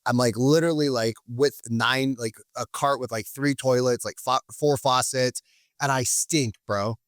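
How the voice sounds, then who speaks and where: A man telling stories as a podcast guest in a lively, casual way. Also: medium pitch, moderate pace, no echo, studio quality. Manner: animated, acts out quoted people. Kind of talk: casual storytelling.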